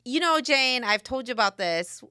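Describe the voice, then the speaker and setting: Brief: lively, bright-voiced woman co-host, loud chatty storyteller, dry close sound. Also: a little high, moderate pace, clean tone, dry recording. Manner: loud, animated storyteller doing quoted voices. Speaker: podcast co-host. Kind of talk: casual chat.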